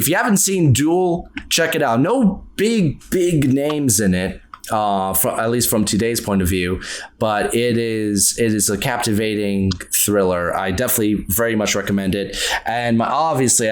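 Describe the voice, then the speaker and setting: A man co-hosting a podcast, talking through his favorite movies in casual chat, earnest and quick to laugh. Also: on the low side. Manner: earnest, animated, laughs often. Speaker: podcast co-host.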